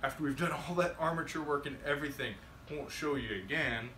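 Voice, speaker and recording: A man's voice: fairly high pitch, fast, sharp tone, slight background noise. Casual guy, rambling, self-mocking workshop vlogger; roomy sound, mic set back. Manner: rambling, self-deprecating, chatty. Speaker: maker vlogger. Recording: roomy workshop audio, distant mic, music underneath.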